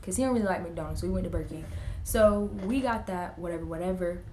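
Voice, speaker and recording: A woman's voice: on the low side, quick pace, a little hiss or hum. Young woman telling a family story. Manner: animated, acts out family members' lines in quotes. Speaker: vlogger. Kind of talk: casual storytelling while getting ready. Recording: echoey room.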